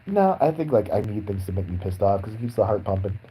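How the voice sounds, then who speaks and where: A man's voice: lowish voice, sing-song, fast talker, warm tone, a little hiss or hum, low-quality recording. A young man ranting in a crude, sarcastic, profane way as a podcast host. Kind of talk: crude comedic rant.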